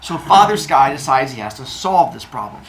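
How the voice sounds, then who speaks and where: A man's voice: medium pitch, animated, normal speed, a bit bright. A man teaching a class of children, retelling a myth in a playful, jokey way with silly sound effects. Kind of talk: storytelling lesson to children.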